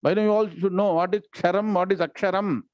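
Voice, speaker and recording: A man teaching a scripture class, chanting Sanskrit verses slowly and often quizzing his students. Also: high voice, fairly even intonation, a little mellow, no echo, highs cut off. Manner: keeps quizzing the class with questions. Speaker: Gita and Vedanta teacher.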